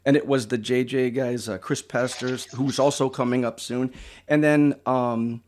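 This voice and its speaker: Host role: chatty man, anecdote teller, middle pitch. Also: fairly even intonation, measured pace, a little mellow. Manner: chatty storyteller, acts out quoted voices. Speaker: podcast host. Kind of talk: casual podcast conversation.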